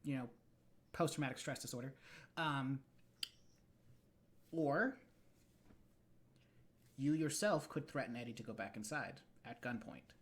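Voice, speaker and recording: A game master narrating a tabletop role-playing game slowly, with dramatic pauses. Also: mid-range voice.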